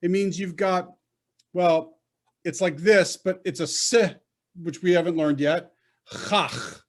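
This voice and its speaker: Slow, patient male Hebrew teacher. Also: high-pitched, fairly even intonation, darkish tone. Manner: patient, coaching, slow and deliberate. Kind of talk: online class instruction. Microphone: video call.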